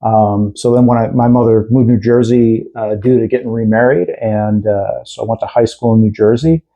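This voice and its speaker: A man's voice: lowish voice, fairly quick, lo-fi sound. A middle-aged man from Chicago with a Chicago accent, a podcast guest telling rambling childhood stories with many fillers. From Chicago area. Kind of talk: casual interview storytelling.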